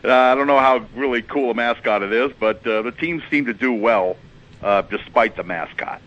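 A phone-in caller chats casually with a radio show, rambling with lots of fillers and hesitations. His mid-range voice moves at a moderate pace over a muffled, lo-fi telephone line.

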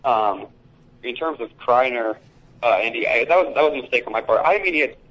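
A young man calling into a radio show from a school hallway over the phone, rambling and halting as he talks football. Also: mid-range voice, lively intonation, fairly bright tone. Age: young adult. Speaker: caller. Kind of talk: casual call-in chat. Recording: dull lo-fi phone line.

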